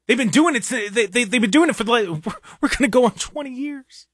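A man's voice: extremely high pitch, expressive, fairly quick, breathy edge, dry recording, studio quality. A man hosting a talk show, delivering a heated, exasperated rant with frequent stammering restarts and mocking jabs.

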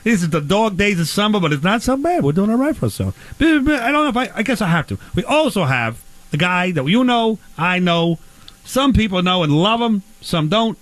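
A man's voice: high-pitched, sing-song, a little fast, a bit bright, no echo. A man hosting a comedy sketch, brash and rambling, teasing his guest. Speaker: host.

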